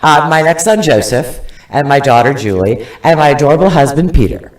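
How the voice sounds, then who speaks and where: A woman's voice: low-pitched, animated, fairly quick. An older woman, a retiring TV reporter, giving chatty, joking farewell remarks at a council meeting. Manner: chatty, laughing, self-mocking. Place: large council chamber. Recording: echoey chamber from a distance.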